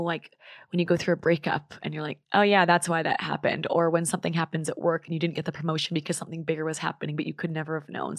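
A young woman talks as an interview guest in a low, even voice. She is earnest and open, and at times her words sink into a breathy near-whisper. The sound is dry and close to the mic. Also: no room sound. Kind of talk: reflective conversational interview.

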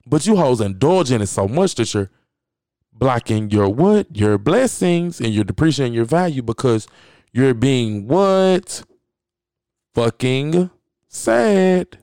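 A man's voice: mid-range voice, very animated, a little slow, dark tone, dry recording, studio quality. A man hosting a podcast, giving a blunt, profane motivational rant and hammering his points home by repeating phrases. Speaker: podcast host.

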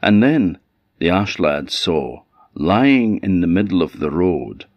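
Orcadian male folk storyteller, deep and leisurely, dull recording. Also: big pitch swings, no echo. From Orkney, Scotland. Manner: unhurried, conversational with asides. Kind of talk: oral folktale storytelling. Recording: slightly dull dry audio.

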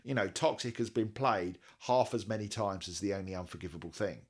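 Very deep-voiced man chatting enthusiastically. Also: brisk, slightly rough. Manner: enthusiastic, quoting statistics, laughs often. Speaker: podcast co-host. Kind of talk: casual chat.

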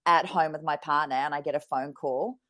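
Low-voiced woman, frank and earnest. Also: steady tone, a little fast, fairly bright tone. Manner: frank, earnest, swears casually. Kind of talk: casual podcast chat.

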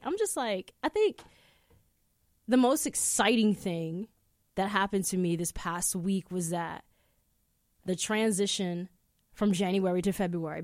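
A woman's voice: fairly low pitch, a little mellow, dry recording. A woman hosting her own podcast from a studio, rambling through casual stories with lots of swearing. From New York. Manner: chatty, profane, rambling storytelling. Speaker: podcast host. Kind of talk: casual solo podcast chat.

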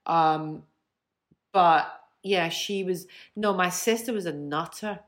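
A woman's voice: lowish voice, slow. Chatty woman in her fifties. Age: 50s. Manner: chatty, animated, laughing. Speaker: guest, musician. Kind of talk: casual storytelling.

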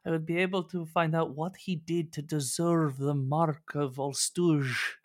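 A man's voice: a little high, steady tone, unhurried, voice pushed up, close to an everyday voice. A man voicing a lost, fretful sea woman. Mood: lamenting. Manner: lamenting, wistful, effusive.

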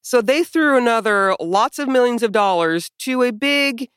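A woman co-hosting a podcast, talking in casual chat. She is sarcastic and profane, and her pitch swings widely. The sound is close and dry. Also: expressive, moderate pace, clear, resonant tone, no echo. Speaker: podcast co-host.

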